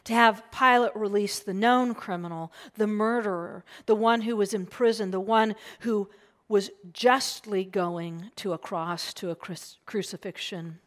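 Woman preacher, slow and earnest, sermon storytelling, hushed asides. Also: medium pitch. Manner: earnest, drops to a hushed whisper for emphasis. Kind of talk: sermon retelling a gospel passage.

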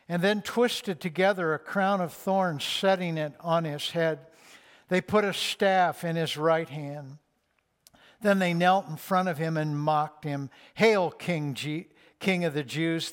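A man preaching a sermon, reading scripture and then expounding it with slow, deliberate emphasis. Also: a little high. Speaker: pastor.

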